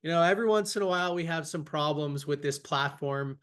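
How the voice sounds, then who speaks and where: A young podcast host on a video call conducts a casual interview, telling stories in an eager, upbeat manner. His fairly high voice is brisk, clean and a bit bright.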